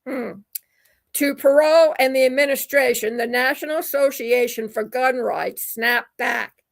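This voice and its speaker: A woman's voice: high-pitched, measured pace, vocal fry. A woman hosting a talk radio show, reading news quotes with sarcastic asides. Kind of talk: opinion commentary reading quotes.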